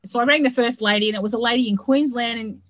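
A middle-aged author speaks over a video call in a fairly high voice. She tells her story in a rambling, chatty way, restarting her sentences often. The sound is dry and close, with no room around it. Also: fast talker, no room sound. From Australia. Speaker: author, interview guest. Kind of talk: casual storytelling interview.

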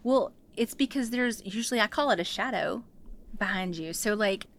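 A woman, a pastor and therapist, speaking as a podcast guest, animated and acting out what people say. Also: medium pitch, moderate pace. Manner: animated storyteller, acts out quotes. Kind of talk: casual podcast interview.

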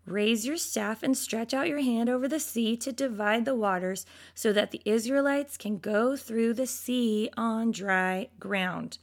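A woman's voice: on the high side, measured pace, hardly any pauses. A woman teaching a devotional Bible lesson, talking straight to her listeners and reading scripture aloud. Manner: lively, talks straight to listeners; reads scripture aloud, mocks complaints with put-on whiny voices.

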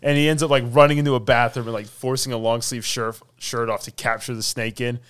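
A man's voice: medium pitch, little pitch movement, quick pace, a bit bright, clear, resonant tone. A man co-hosting a casual podcast chat, laughing often and acting out scenes as he retells them. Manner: laughs often, acts out movie moments in voices. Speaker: podcast co-host.

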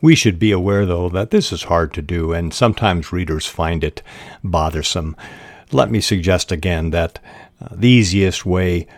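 A man hosting a fiction-writing podcast who explains craft in a measured, deliberate way, pausing often on "uh". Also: deep voice, dry recording. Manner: measured and deliberate, with frequent "uh" pauses. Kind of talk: instructional podcast talk.

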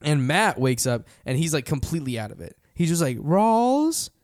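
A man's voice: mid-range voice, fast talker, no room sound, studio quality. A man telling a story in casual conversation, laughing often and acting out the voices of the people in it. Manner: animated, laughs often, acts out voices in his stories.

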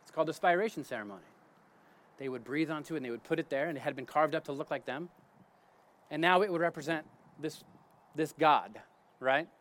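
A man's voice: on the high side, a little fast, long pauses, fairly bright tone. A man giving a casual spoken Bible teaching outdoors in his garden. He talks conversationally, restarts his sentences and checks in with "right?".

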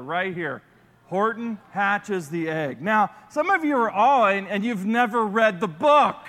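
A man preaching a sermon as a pastor, playful and animated as he talks to the congregation. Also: sits high, in a large hall.

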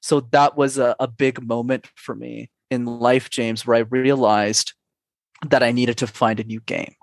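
A man's voice: mid-range voice, little pitch movement, vocal fry, dry recording. Earnest man telling his story, dry sound. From Canada. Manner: earnest, slows down for emphasis. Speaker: podcast guest. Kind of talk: reflective interview storytelling.

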